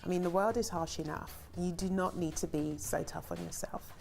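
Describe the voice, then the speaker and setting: A woman's voice: lowish voice, normal speed, creaky, darkish tone, a little hiss or hum. A middle-aged woman, a film director, reads interview questions aloud and answers them in a chatty, rambling way with lots of ums and easy laughter. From Ghana.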